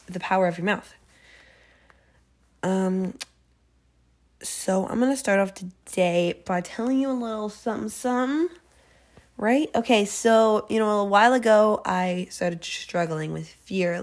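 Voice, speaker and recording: A young woman talks casually through a devotional episode she hosts. Her delivery is earnest and chatty, full of little fillers and self-corrections as she works through her thoughts. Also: mid-range voice. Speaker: faith podcast host.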